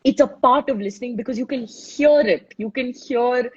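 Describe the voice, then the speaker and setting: Husky woman giving casual advice. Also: on the high side, moderate pace, muffled recording. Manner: chatty, many "you know" fillers. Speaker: speaker giving advice on listening. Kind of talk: live online session, casual advice.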